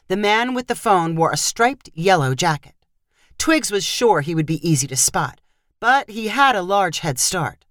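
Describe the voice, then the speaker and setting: A woman narrating a fiction short story with expressive delivery. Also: fairly low pitch, measured pace, no echo, studio quality.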